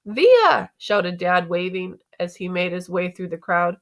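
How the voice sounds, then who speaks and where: A woman teacher reading a novel aloud to students in an expressive, conversational way. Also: fairly low pitch, unhurried.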